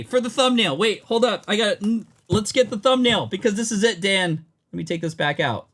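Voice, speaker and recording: A man hosting a live card-opening stream, chatting and thanking viewers, bursting into loud excitement over the cards he pulls. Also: sits high, normal speed, hardly any pauses. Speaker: host.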